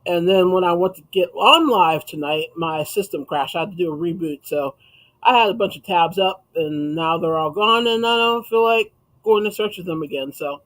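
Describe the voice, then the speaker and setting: High-voiced chatty livestream host, man. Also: normal speed, fairly bright tone, low-quality recording. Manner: chatty, reads viewer comments aloud and laughs often. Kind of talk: casual livestream chat.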